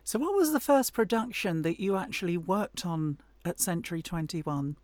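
A woman hosting a podcast interview, who sums up the story in a measured way and leads into the next question. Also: fairly low pitch, animated, darkish tone, no room sound. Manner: measured, summarizing, leading questions. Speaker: podcast host.

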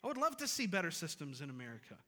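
A pastor preaching a Sunday sermon, talking conversationally and then building to emphatic, repeated phrases. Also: male voice, fairly high pitch, huge pitch swings, racing, bright, forceful tone. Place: church sanctuary. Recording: long reverb of a large hall.

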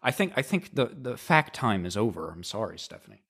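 A man's voice: fairly low pitch, sing-song, a little fast, a bit bright, breathy edge. A man hosting a casual podcast chat, joking around and swearing freely. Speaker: podcast host.

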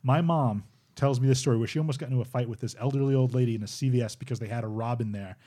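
A man's voice: medium pitch, very fast, warm tone. A man in his forties hosting a casual chat and eagerly retelling cartoon plots.

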